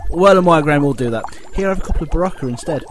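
A man playing himself in a comedy audio sketch, brisk and matter-of-fact. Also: on the high side, lively intonation, slight background noise.

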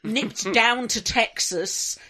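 A woman's voice: fairly high pitch, slow, sharp tone. A woman in a casual group chat, teasing and often laughing.

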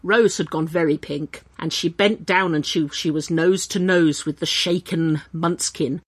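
A woman reading a comic story aloud, with lively, animated delivery and playful voices for the characters. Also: deep voice, a little slow, breathy edge.

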